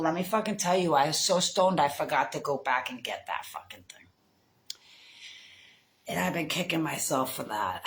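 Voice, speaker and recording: A woman's voice: low voice, slight background noise, low-quality recording. Profane, laughing middle-aged woman rambling. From United States. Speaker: vlogger. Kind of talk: casual storytelling chat.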